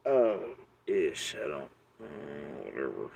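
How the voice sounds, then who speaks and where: Speaking on the low side in a sing-song way, this middle-aged YouTuber has a gravelly, narrow voice at a moderate pace. The tinny audio carries slight background noise as he meanders through a casual, profane, wry monologue padded with fillers.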